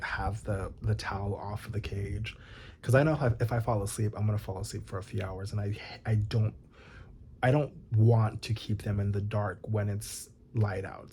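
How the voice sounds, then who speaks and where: A man's voice: lowish voice, slight background noise. A young man chatting casually to his viewers, rambling and swearing, with lots of "like". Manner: rambling, swears often, many likes. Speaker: vlogger. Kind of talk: casual chat to camera.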